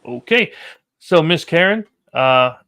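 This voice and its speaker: Male game master, slightly high voice, casual combat narration over dice rolls. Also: animated, slow, bright, forceful tone, smooth. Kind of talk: running a tabletop horror game.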